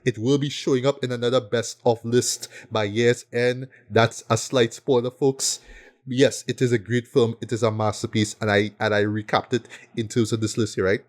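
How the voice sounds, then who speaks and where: A man's voice: medium pitch, level tone, normal speed. A man talks through his favorite films in an easy, conversational way. He sounds eager and keeps checking in with his listeners as he goes. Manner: enthusiastic, peppers talk with "right?". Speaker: podcast co-host. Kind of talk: casual film review chat.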